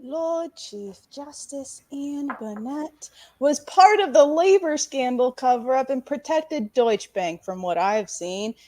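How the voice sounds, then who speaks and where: A woman's voice: sits high, lively intonation, slow, hardly any pauses, darkish tone, dry recording. A woman in angry, emphatic casual chat, cursing on an online call.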